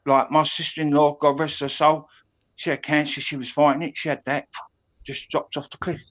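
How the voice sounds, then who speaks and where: A man's voice: a little high, little pitch movement, moderate pace, a bit bright, muffled recording. A middle-aged man from East London with a Cockney accent, rambling with many restarts as a caller on a stream. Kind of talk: casual chat.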